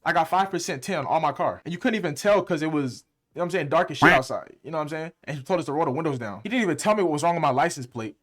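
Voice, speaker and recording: A young man, a music producer and streamer, telling a story in a fast, heated, slang-heavy way. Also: on the high side, lively intonation, fairly bright tone. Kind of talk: casual storytime.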